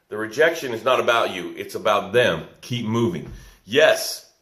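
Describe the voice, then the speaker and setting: A man coaching business owners over a live stream, talking in an encouraging, folksy way and repeating his key points for weight. His voice sits at an ordinary middle pitch. The room around him is echoey. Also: a bit bright. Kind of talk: live-stream talk reading viewer comments.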